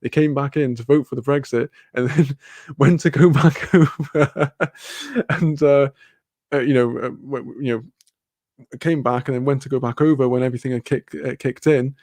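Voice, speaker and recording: A man's voice: medium pitch, fairly even intonation, moderate pace, darkish tone, dry recording. A man with a British accent chatting casually on a live stream, reading comments aloud, rambling, laughing often and swearing freely.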